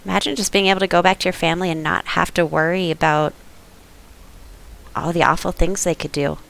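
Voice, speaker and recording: A woman's voice: lowish voice, fairly even intonation, brisk, vocal fry, fairly bright tone. A woman playing a tabletop game, coaxing another character in an earnest, persuasive way. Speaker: player.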